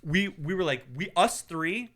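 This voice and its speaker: With a high voice and a slightly slow delivery, this young podcast co-host spins a story in casual conversation. He's lively and profane, laughs often, and puts on voices for the people he quotes.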